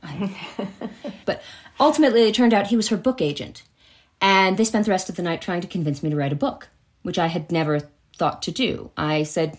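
American woman spinning a lively story, acts out everyone in it, mid pitch. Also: normal speed. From United States. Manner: lively, acts out quoted voices in her stories. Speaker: author and jewelry designer, podcast guest. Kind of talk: animated anecdotal storytelling.

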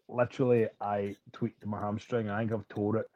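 A man's voice: medium pitch, fairly even intonation, brisk, hardly any pauses, a little mellow, no echo, lo-fi sound. A Scottish man, a rugby player guest, chatting casually in a laid-back, self-mocking way. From Scotland. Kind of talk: casual chat.

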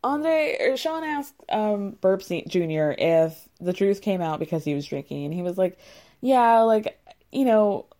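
A woman's voice: on the low side, animated, moderate pace, few pauses, darkish tone. A woman casually recapping a reality show, chatty and sarcastic with lots of "like.". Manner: chatty and sarcastic, heavy use of "like". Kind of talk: casual chat.

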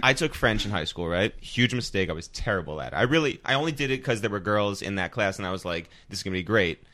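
A man hosting a podcast, telling stories in an animated way and laughing often. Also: lowish voice, quick pace. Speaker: podcast host. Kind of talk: casual interview chat.

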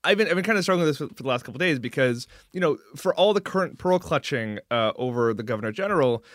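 A man hosting a casual political chat, teasing and quick to push back. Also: medium pitch, expressive, fairly bright tone, no room sound, studio quality. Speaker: podcast host.

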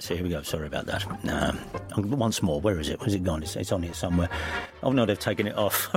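A man's voice: lowish voice, gravelly. A man co-hosting a radio show, reading listener letters in a jokey, self-deprecating way.

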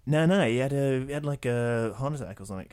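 A man hosts a casual podcast chat, with a voice of middle pitch. He talks in a sardonic, jokey way, throwing in quick asides. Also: lively intonation, darkish tone. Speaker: podcast host.

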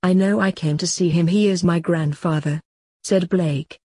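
A woman, host and author of the podcast, reading her own story aloud in a plain, unhurried way. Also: on the low side, fairly even intonation, warm tone, slightly rough, dry recording. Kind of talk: storytelling narration.

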